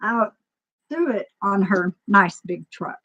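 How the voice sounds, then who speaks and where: A woman telling a personal story to a live audience in a casual, emotional way, laughing often and swinging between loud and quiet. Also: medium pitch, lively intonation, takes it slowly. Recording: dull lo-fi sound.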